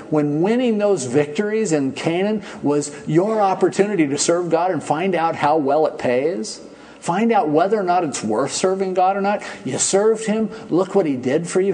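Man, preaching, animated storytelling, higher-pitched voice. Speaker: pastor. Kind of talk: sermon.

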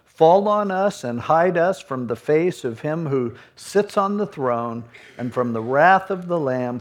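A man preaching a sermon in a conversational, animated way, acting out what people might say. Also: medium pitch. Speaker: pastor.

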